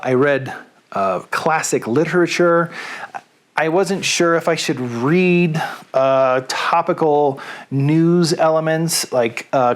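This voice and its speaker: Middle-aged male DJ, rambling self-mocking home monologue, slightly high voice, studio mic. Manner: self-deprecating, chatty, rambling. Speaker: radio DJ and video host. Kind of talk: casual rambling monologue to camera. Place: small room at home. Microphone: studio microphone.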